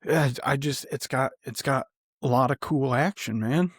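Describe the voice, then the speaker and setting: A man's voice: mid-range voice, moderate pace, husky, no room sound, studio quality. A man co-hosting a podcast in casual chat, laid-back and enthusiastic. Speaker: podcast co-host.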